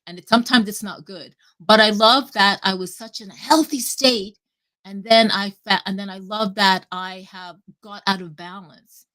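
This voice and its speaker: A woman talking casually and at length on a live audio chat, rambling and animated, cutting herself off and swearing freely. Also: mid-range voice, normal speed. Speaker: guest speaker.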